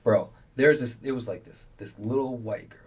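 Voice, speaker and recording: A man's voice: mid-range voice, normal speed, husky. A young man, a podcast guest, telling a story in a laid-back, slangy way with a lot of swearing. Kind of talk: casual storytelling chat.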